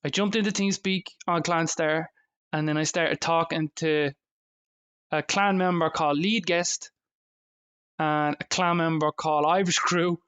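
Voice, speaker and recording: Swearing, animated male podcast storyteller. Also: on the high side, a little slow, clean tone, muffled recording. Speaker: podcast co-host. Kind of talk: casual chat.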